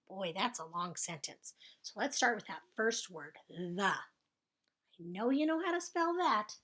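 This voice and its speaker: Woman, primary teacher, encouraging, stretches each sound, animated intonation. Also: mid-range voice, measured pace. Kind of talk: slow spelling dictation for young children.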